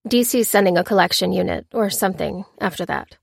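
A woman's voice: lowish voice, fairly quick, creaky, dry recording, studio quality. A woman voicing a polite, somewhat hesitant female botanist and officer. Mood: earnest.

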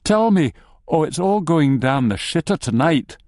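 A man doing an anxious, high-strung young guy. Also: animated, unhurried, darkish tone, no room sound, clean studio sound. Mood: agitated. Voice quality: higher, strained voice.

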